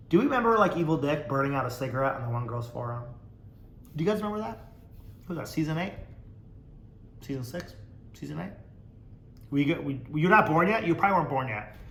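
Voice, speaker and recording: A man's voice: fairly high pitch, animated, fast, creaky, pauses often, fairly bright tone, a little hiss or hum. Sarcastic man in an echoey room. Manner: sarcastic and mocking, swears freely. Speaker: podcast host reading viewer comments. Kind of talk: casual chat.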